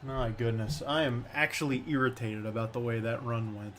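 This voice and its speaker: A man giving live commentary on a simulated monster truck event, chatty and excitable, grumbling sarcastically between runs. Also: mid-range voice, normal speed, a little hiss or hum.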